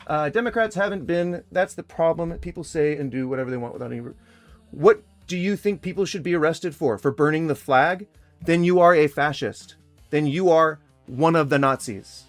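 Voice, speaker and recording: Guy in his 40s from sacramento ranting at a critic to camera, cussing, sarcastic fake sympathy, kinda high voice, faint music under it. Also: moderate pace. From Sacramento, California. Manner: heated, profane and sarcastic, with mock-sympathy. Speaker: vlogger responding to a critic. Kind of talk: ranting direct-to-camera rebuttal.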